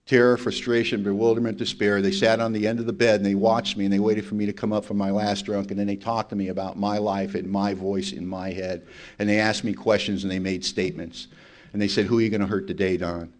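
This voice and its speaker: A man's voice: fairly low pitch, flat delivery, fairly quick. Blunt storytelling man giving testimony. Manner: emphatic storytelling, blunt and self-mocking. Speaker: recovery meeting speaker. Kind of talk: personal testimony talk.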